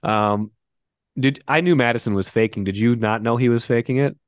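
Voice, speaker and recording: A man's voice: medium pitch, moderate pace, no echo. A man hosting a casual sports podcast, chatty and teasing, often restarting his sentences. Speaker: podcast host.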